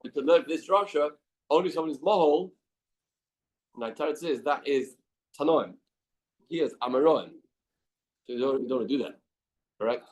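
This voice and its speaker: A man's voice: fairly high pitch, moderate pace, long pauses, darkish tone. A man teaching a Talmud class in a study hall, reading out the text and then explaining it plainly with many questions.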